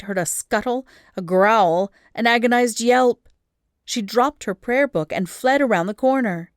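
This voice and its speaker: A woman reading an old humorous story aloud as an audiobook, lively and expressive in storytelling. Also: medium pitch, dry recording, studio quality. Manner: lively storytelling with rising emphasis in action scenes. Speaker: audiobook reader.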